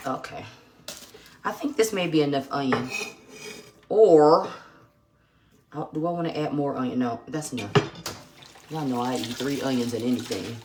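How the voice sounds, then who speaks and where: A woman's voice: extremely low pitch, normal speed, long pauses, heavy background noise. A middle-aged woman hosting a casual home cooking show, chatting and teasing as she works in her kitchen. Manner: chatty, teasing, thinks aloud while working.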